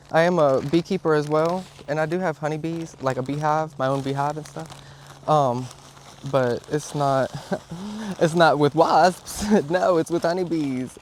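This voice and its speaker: A young man chatting casually outdoors as he repots plants, excitable and quick to exclaim at things around him. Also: fairly high pitch, slight background noise. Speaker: vlogger. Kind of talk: casual chat while gardening. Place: outdoors, yard.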